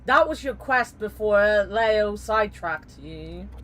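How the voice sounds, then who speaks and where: A woman's voice: medium pitch, animated, takes it slowly, fairly bright tone, slight background noise. A woman streamer in casual voice chat during a game stream, rambling and joking, swearing freely.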